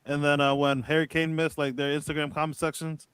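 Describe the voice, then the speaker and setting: Higher-voiced man making quick points. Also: level tone, fairly bright tone, clean tone, no echo. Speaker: co-host. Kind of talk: casual group chat.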